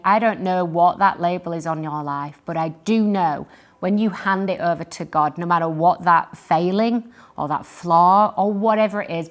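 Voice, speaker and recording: A woman giving an earnest, encouraging devotional Bible teaching, reading scripture aloud and explaining it. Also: fairly low pitch.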